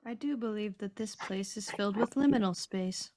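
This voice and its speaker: Brief: woman player, mid-pitched, formal and prim in character. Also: normal speed, darkish tone, dry recording. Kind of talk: in-character tabletop play.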